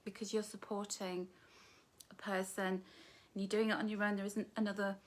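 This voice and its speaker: A middle-aged woman, an author hosting a live book launch, chats on a live stream and reads viewers' comments aloud. Her mid-range voice has a flat delivery at normal speed, yet her manner is warm and affectionate as she calls viewers darling and my love.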